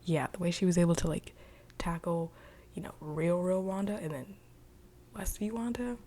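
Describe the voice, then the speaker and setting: A woman's voice: fairly low pitch, fairly even intonation, normal speed, warm tone. A young woman casually recapping a TV episode in a chatty, rambling way, full of "like.". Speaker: video reviewer.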